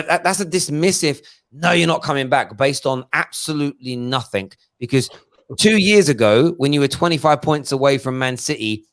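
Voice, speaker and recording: A man hosting a football fan phone-in, reading viewer messages and launching into passionate rants that build toward shouting. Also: medium pitch. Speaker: phone-in show host. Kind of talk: casual fan phone-in chat.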